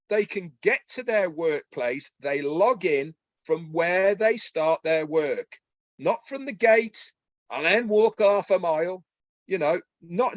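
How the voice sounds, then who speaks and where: A man speaking excitedly on a promotional webinar, folksy and persuasive. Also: high-pitched, dry recording, dull audio. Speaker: webinar co-presenter. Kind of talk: enthusiastic promotional webinar talk.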